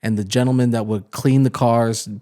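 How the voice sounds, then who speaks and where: A man's voice: medium pitch, fairly even intonation, dark tone. A man co-hosting a podcast in casual chat, chatty and agreeable, often chiming in. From Puerto Rican heritage. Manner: chatty, agreeable, quick to chime in. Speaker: podcast co-host.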